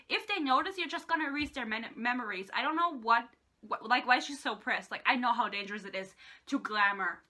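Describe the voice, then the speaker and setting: A woman's voice: high-pitched, sharp tone. Sarcastic young woman ranting about a book. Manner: sarcastic, exasperated, swears freely. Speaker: book vlogger.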